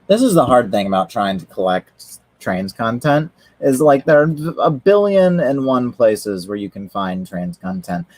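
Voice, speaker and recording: A man's voice: mid-range voice, very animated, unhurried, a little mellow, no room sound, poor audio. A man chatting casually on a livestream, rambling with lots of fillers and restarts. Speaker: streamer.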